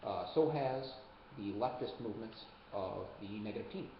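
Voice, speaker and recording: A man doing an impression of a president giving a solemn, halting address, lower and softer than his usual voice. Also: creaky, very noisy. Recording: roomy, dull webcam audio.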